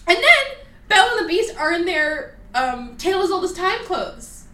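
A woman hosting a podcast in casual chat, talking in an animated, profane, ranting way. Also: very high-pitched, moderate pace, recorded from a distance. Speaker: podcast host. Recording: roomy, off-mic.

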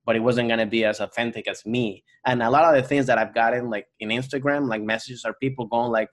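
A man's voice: mid-range voice, fairly even intonation, fast talker. A man with a Venezuelan accent, a guest comedian and actor chatting casually in a podcast interview, rambling through restarts and fillers.

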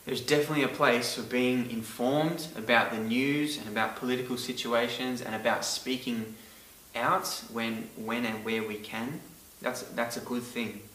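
A man's voice: mid-range voice, steady tone, moderate pace, a bit bright. A man preaching a sermon in an earnest way, stressing key words hard. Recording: roomy, echoey from a distance.

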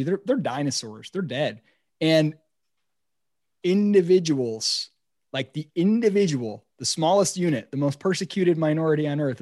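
A man speaking as a podcast guest, animated and sarcastic, cursing as he vents. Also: fairly high pitch. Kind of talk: casual political podcast chat.

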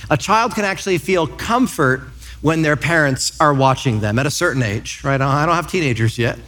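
A man in his thirties, a pastor preaching a sermon in church, telling lively stories and acting out quotes. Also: a little high, normal speed. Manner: lively storytelling with acted-out quotes.

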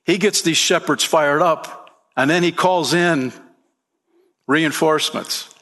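A man's voice: fairly high pitch, slow, fairly bright tone. A man preaching a sermon as pastor, emphatic, lifting his voice for key points and calling listeners "man" and "friend".

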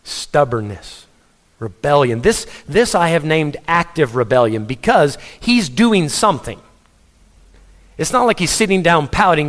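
A man's voice: fairly high pitch, animated, unhurried, a bit bright. A man, a pastor, preaching a sermon in an emphatic way, asking the congregation questions and often repeating words as he presses his point.

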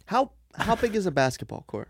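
A man co-hosting a podcast in casual comedic banter, needling his friend with exasperated, deadpan jabs. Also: high-pitched, a little fast, gravelly, slightly rough. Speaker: podcast co-host.

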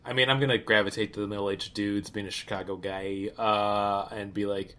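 A man playing a tabletop game, playful and quick to laugh. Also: fairly low pitch, flat delivery, pushed and bright. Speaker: player.

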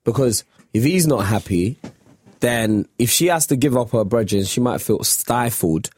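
A man's voice: medium pitch, expressive, unhurried, a little mellow, breathy edge, no room sound, studio quality. A man in a casual group chat, teasing and laughing as he argues his point.

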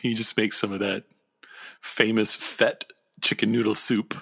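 A man's voice: lowish voice, level tone, measured pace, vocal fry, a bit bright. A man co-hosting a casual comedy chat, joking, riffing and laughing often. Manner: joking, laughs often, riffs on absurd ideas. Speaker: podcast co-host.

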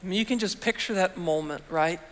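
A man preaching in a church with a notably high-pitched voice. He talks to the congregation in a conversational way, asking rhetorical questions as he goes. His voice rings with a long reverb from the large hall. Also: fairly quick. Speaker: pastor. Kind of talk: sermon. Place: church sanctuary.

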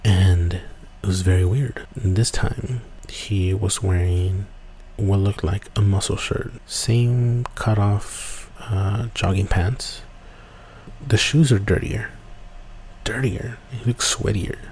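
A man with a low, gravelly, mellow voice tells a story in a loose, casual way. He rambles, restarts his sentences and fills the gaps with "you know." A faint hiss of ambience sits under the voice. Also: steady tone, takes it slowly. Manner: rambling, many fillers and restarts. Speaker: podcast host.

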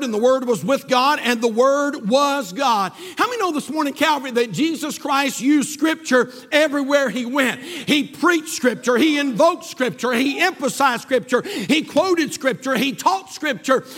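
A pastor preaches with fervent energy in a voice strikingly high for a man, rattling off scripture and firing rhetorical questions at the congregation at a moderate pace with few pauses. His tone is fairly bright, and the large sanctuary gives the sound a long reverb.

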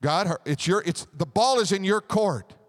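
A man preaching a sermon as pastor, animated, with a joke and call-and-response. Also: sits high, unhurried.

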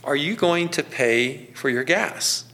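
A joking small-town gas station owner, an older man who acts stern but is only teasing, as a pastor imitates him. The voice sits noticeably higher than the speaker's own and puts a playful edge on every complaint. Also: expressive, slow pace, sharp tone, full character voice. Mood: mock-stern.

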